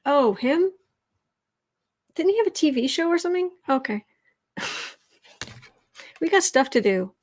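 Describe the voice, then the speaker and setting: A woman hosting a tarot and astrology channel, signing off to viewers in a wry, chatty, reassuring way. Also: sits high. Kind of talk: casual sign-off to viewers.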